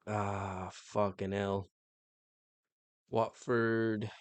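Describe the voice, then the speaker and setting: A man's voice: lowish voice, little pitch movement, very slow, dry recording. A young man streaming himself taking a football quiz, muttering to himself and swearing when he gets stuck. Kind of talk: live-stream quiz commentary.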